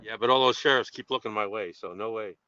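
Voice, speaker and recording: A man speaking on a muffled, lo-fi call line. His low voice is bright and crisp. He talks haltingly, with fillers and restarts, and slips in dry jokes. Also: no room sound. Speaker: EMS council member. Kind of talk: conference-call meeting discussion. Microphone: remote call.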